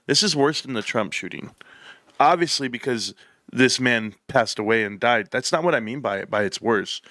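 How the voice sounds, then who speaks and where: A man hosts his own commentary show from a room set up for it, talking with building passion and emphatic repetition. His voice is bright and forceful, and the dry, close sound has almost no room echo. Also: mid-range voice, animated, moderate pace. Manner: impassioned, growing heated and emphatic, repeats phrases. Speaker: political commentary show host. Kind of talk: opinionated commentary.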